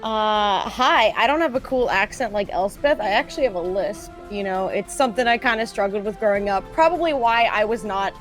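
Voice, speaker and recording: A woman's voice: mid-range voice, lightly acted. A woman playing a lisping young vampire girl. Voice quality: lisp. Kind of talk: murder mystery role-play.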